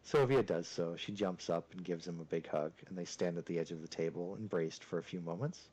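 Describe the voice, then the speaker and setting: A man's voice: deep voice, brisk, a little mellow, husky, poor audio. A man narrating as game master of a tabletop role-playing game, talking casually with lots of filler words. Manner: casual, chatty narration full of "kinda" and "like".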